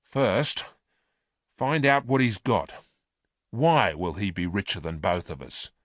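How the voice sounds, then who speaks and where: A greedy space thief woman, shrill and eager, comes through in a slow storybook reading, as a man puts her on. The pitch leaps high and wide over a dry, close sound. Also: no echo, heavily acted. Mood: sharp. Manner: shrill, excited.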